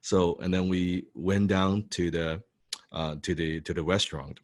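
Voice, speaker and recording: A man telling a personal story to an audience, excitable and swearing freely, full of restarts and "right?" tags. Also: sits low, a little slow, no room sound, clean studio sound. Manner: restarts and repeats words often. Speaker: motivational speaker telling his story. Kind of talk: animated storytelling talk.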